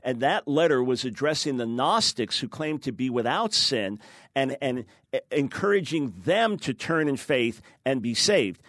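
A man's voice: medium pitch, animated, measured pace, fairly bright tone, no room sound, clean studio sound. A man, a guest author, talks emphatically in a theological discussion, acting out quoted people with shifts in his voice.

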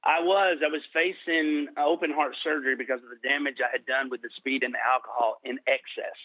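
A middle-aged man telling his personal testimony in an interview, earnest and slowing down for emphasis. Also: mid-range voice, steady tone, no room sound. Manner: earnest storytelling, slows for emphasis. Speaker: guest sharing testimony. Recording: tinny phone-like line.

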